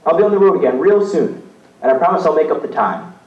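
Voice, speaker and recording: A man's voice: a little high, animated, fast talker, lo-fi sound, close to an everyday voice. A man playing a traveling father reading out a folksy, reassuring letter to his sons in an amateur stage play, recorded from far off on an echoey stage.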